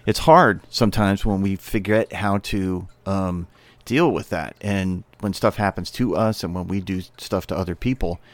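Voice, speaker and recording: A man's voice: sits low, moderate pace, no echo. A man in his sixties, a psychologist and addiction counselor, hosting his podcast in a loose, rambling monologue full of fillers.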